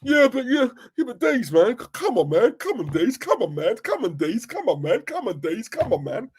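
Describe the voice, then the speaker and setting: A man imitating a whining male football fan who keeps pleading, in a much higher voice than his own. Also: big pitch swings, moderate pace, darkish tone, husky, heavily acted. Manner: whining, repetitive.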